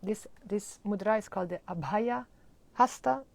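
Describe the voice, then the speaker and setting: A woman's voice: mid-range voice, normal speed, gravelly, no echo. A woman teaching a live-streamed mantra lesson, explaining and chanting with laughter. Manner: acts out groggy morning complaints. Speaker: spiritual teacher.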